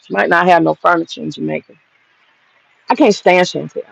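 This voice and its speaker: A man delivers a casual commentary monologue in a blunt, profane, mocking way. His voice sits high with a gravelly fry, in a dry, close sound. The recording is a little dull and lo-fi. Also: steady tone, a little fast, fairly bright tone, no echo. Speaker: online commentary host.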